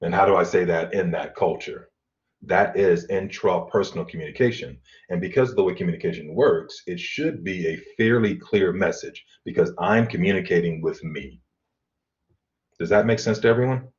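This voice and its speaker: A middle-aged man teaching an online college class, explaining in a relaxed way with fillers and throat clearing. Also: deep voice, moderate pace. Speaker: college instructor. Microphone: computer mic on video call. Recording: dull lo-fi video call audio.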